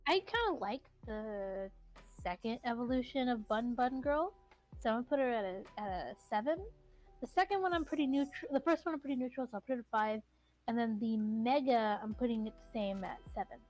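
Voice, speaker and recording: A woman co-hosting a casual stream, teasing with mock-menacing, deadpan jokes. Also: a little high, a little fast, soft background music, poor audio. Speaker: stream co-host.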